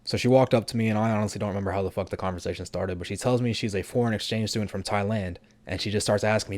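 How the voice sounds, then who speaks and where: Young guy swearing a ton, talks super fast, lowish voice, dry close mic. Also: steady tone, darkish tone, no echo. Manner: brash, profane, rapid-fire. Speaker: vlogger. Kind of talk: storytelling vlog.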